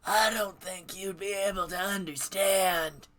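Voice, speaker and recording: A man's voice: high-pitched, steady tone, unhurried, voice pushed up. A player putting on the voice of a forgetful old man who talks to his pet raven. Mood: doddering. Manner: loud, cracking, breaking into laughs.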